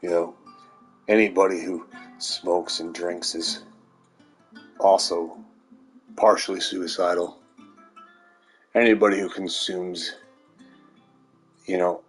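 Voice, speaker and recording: A man's voice: low voice, breathy edge. A man rambling to viewers in a sardonic monologue, swearing and laughing at his own jokes. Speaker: vlogger.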